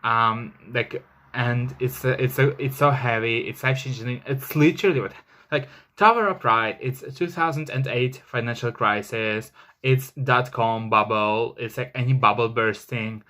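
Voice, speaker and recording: A man reads tarot cards to camera in a loose, casual way. He talks emphatically, with many fillers and the odd curse. His voice sits at an ordinary middle pitch. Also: steady tone, a little slow, pushed and bright. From Russia. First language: Russian. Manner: chatty and emphatic, heavy on "like" fillers and swearing. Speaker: tarot reader.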